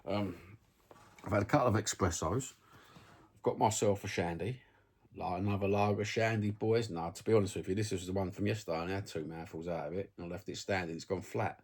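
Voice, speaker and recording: A man's voice: low-pitched, fairly quick, breathy edge. A man with a Cockney accent, ranting bluntly and swearing a lot in a casual vlog. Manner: sweary, blunt, chatty with frequent "you know what I mean". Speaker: vlogger. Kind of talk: casual rant to camera. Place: at home, seated.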